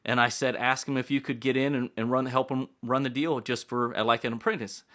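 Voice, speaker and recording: Man, podcast host, bright forceful tone, mid pitch, casual and encouraging. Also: fairly even intonation, brisk. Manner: encouraging, affirming the guest. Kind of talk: casual interview chat.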